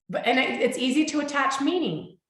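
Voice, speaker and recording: Woman host, heartfelt motivational talk, slightly high pitch, roomy echo. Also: noisy background. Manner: warm, heartfelt, repeatedly checks in with listeners. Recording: echoey room.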